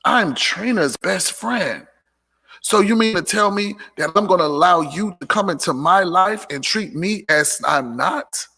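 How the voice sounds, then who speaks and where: Gravelly, emphatic man preaching self-respect. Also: high-pitched, expressive, measured pace, sharp tone. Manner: preachy and emphatic, repeats lines for punch, sassy asides. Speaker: host of a live motivational talk show. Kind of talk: live motivational monologue.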